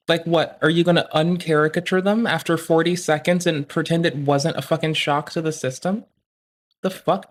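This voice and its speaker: A streamer reacting to a clip live, rambling and swearing with many fillers. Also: mid-range voice. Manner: rambling, profane, lots of fillers.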